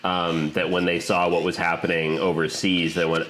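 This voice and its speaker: A man's voice: sits low, little pitch movement, a bit bright, a little hiss or hum. A man co-hosting a podcast, chatting eagerly and jokily about films and trailers. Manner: enthusiastic, chatty, quick to joke. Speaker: podcast co-host. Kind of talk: casual film chat.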